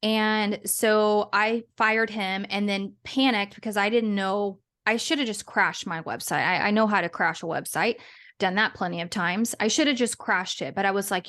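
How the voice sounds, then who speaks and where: A woman's voice: medium pitch, steady tone, moderate pace, a bit bright. Chatty woman guest, rambling. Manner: chatty, rambling with restarts and laughs. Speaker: guest, business owner and podcaster. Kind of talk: casual interview chat.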